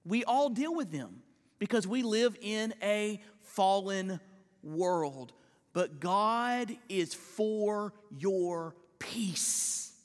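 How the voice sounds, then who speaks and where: A male pastor preaching a sermon, swinging between loud emphatic lines and hushed slow ones, often repeating words as he starts a phrase. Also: sits high, animated, long reverb tail. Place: church sanctuary.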